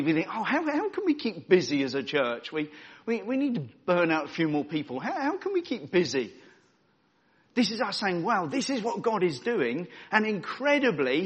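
A man's voice: fairly high pitch, fairly bright tone, breathy edge. A man preaching a sermon as a church pastor, earnest with dry self-deprecating humour and frequent stumbling repeats.

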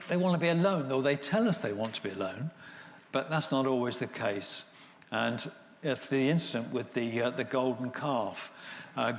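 A man's voice: medium pitch, creaky. A man preaching a sermon, retelling scripture in casual paraphrase and acting out the voices. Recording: echoey hall with long reverb.

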